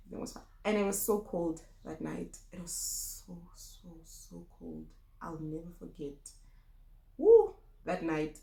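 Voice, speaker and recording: South African woman, young adult, low-pitched voice, echoey room, candid personal storytelling. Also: vocal fry, warm tone. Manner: candid and emotional, often trailing off and restarting. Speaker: vlogger.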